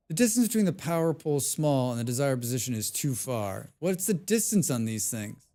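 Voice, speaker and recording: A man thinks aloud while streaming a building game from home. He mutters, hums little tunes and swears casually, in a voice of everyday middle pitch. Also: big pitch swings, brisk, warm tone. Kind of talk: casual live-stream commentary.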